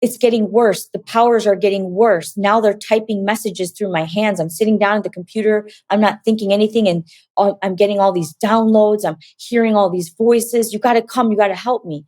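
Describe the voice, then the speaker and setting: A woman's voice: medium pitch, fairly even intonation, brisk, a little mellow, no echo, close to an everyday voice. A woman voicing a frantic, sleepless young man who pleads with breathless urgency.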